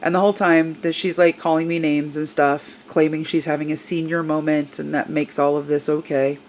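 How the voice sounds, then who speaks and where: A woman's voice: low-pitched, little pitch movement, normal speed, a little mellow, a little hiss or hum, low-quality recording. An older woman tells a personal story in a vlog, earnest and upset as she recounts what happened. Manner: upset, earnest retelling with quoted voices. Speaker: service dog handler.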